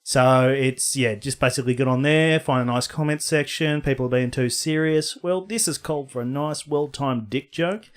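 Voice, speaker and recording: A man sitting in as a guest on a podcast, loud and laughing a lot, with crude humor. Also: medium pitch, moderate pace, hardly any pauses. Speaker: guest co-host. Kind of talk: casual banter.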